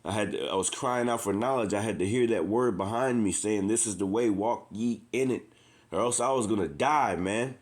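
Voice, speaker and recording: A man's voice: fairly low pitch, normal speed. Impassioned man preaching informally. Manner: impassioned, repetitive, says "man" often; reads scripture aloud between talk. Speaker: street preacher.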